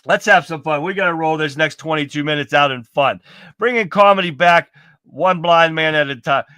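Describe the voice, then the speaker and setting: A man's voice: a little high, normal speed, sharp tone, smooth, dry recording. A man hosting a live stream, chatting casually to viewers and introducing clips. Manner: chatty, laughs easily, addresses viewers. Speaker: livestream show host.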